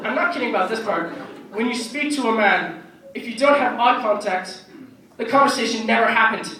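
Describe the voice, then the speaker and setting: A teenage boy doing animated stand-up comedy on a stage, slipping into silly voices. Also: very high-pitched, moderate pace. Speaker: stand-up performer. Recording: echoey hall from far off, noisy.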